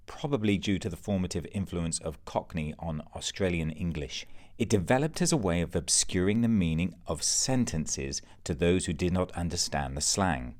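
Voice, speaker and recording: Low male narrator, even and informative, for a scripted explainer.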